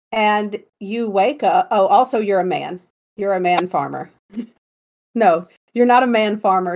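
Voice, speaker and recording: A woman co-hosting a podcast in casual chat, animated and giggly as she tells a story and directs her partner. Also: medium pitch. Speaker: podcast co-host.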